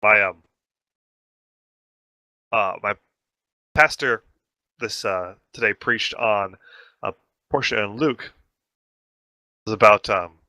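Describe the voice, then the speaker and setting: Bright-voiced man leading a discussion. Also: lowish voice, slow pace, pauses often, no room sound. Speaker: host leading a book discussion. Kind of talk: casual group discussion, reading passages aloud.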